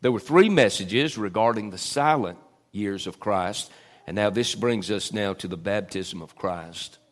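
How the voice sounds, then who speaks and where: A man's voice: on the low side, unhurried. A middle-aged man preaching a sermon, with many "uh" fillers and rising emphasis. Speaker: pastor.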